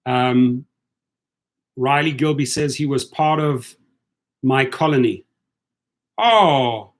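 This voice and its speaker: A man's voice: mid-range voice, slow pace. A man chatting casually on a livestream. He talks loosely and repeats himself, and he sounds tired as he answers viewers one by one. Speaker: livestream host for rideshare drivers. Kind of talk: casual livestream chat reading viewer comments.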